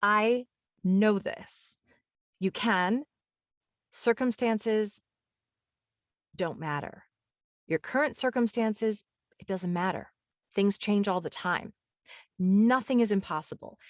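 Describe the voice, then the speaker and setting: A woman's voice: mid-range voice, takes it slowly, long pauses, dry recording, studio quality. A woman hosting a spiritual podcast, talking casually and enthusiastically with lots of fillers and restarts. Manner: enthusiastic, rambling, full of "like" and "um". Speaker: podcast host.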